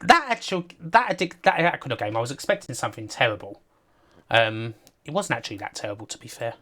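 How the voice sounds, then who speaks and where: A man's voice: medium pitch, expressive, quick pace, a bit bright. A man giving casual, rambling livestream commentary over a game, laughing often and talking to his chat. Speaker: streamer.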